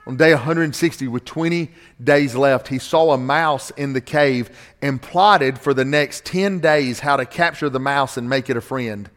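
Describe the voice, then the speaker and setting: A middle-aged man preaching a sermon from a church stage, emphatic and animated, repeating key phrases for effect. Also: mid-range voice, moderate pace. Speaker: pastor. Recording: long hall reverb from a church stage.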